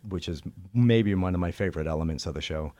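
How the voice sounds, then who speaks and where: A man with a Canadian accent, a stage actor chatting in an interview with animated, self-deprecating humor. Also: sits low, fast talker, no echo. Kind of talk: interview chat.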